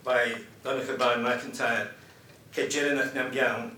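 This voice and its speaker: A man introducing and reading poems at a conference in a measured, explanatory way. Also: medium pitch, flat delivery, sharp tone, distant mic. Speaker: presenter of poems. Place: conference hall. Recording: roomy hall with faint noise.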